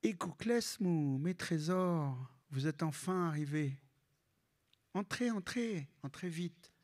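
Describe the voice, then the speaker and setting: A woman's voice: fairly low pitch, expressive, unhurried, darkish tone, voice pushed up. A man voicing a doting, fussy old grandmother who showers her grandchildren with endearments. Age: older. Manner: effusive, cooing endearments.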